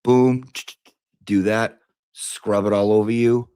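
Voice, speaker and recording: A man's voice: fairly low pitch, steady tone, slow, mellow, clear, resonant tone, dry recording. A man giving a brash, profane, theatrical comic review of beauty products.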